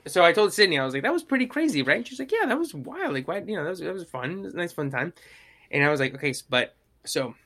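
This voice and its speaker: A young man in casual chat, telling stories in an animated way and acting out the quotes. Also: on the high side. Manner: animated storytelling, acts out quotes.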